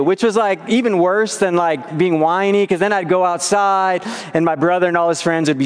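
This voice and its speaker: A man's voice: sits high, steady tone, normal speed, clean tone. A young man preaching, reading scripture and then talking casually with stories from childhood. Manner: casual storytelling, acts out whiny child voices. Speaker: youth pastor. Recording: reverberant hall.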